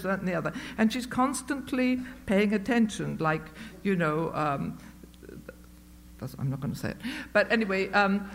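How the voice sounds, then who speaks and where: A woman sharing a personal story with a group at a meeting, chatty and self-mocking, with many fillers and restarts. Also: mid-range voice. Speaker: speaker sharing at a recovery meeting. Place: meeting room with a live audience.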